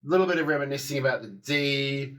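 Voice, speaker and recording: A man's voice: mid-range voice, quick pace, fairly bright tone. A man giving a casual spoken review of a TV episode, rambling, with many fillers and restarts.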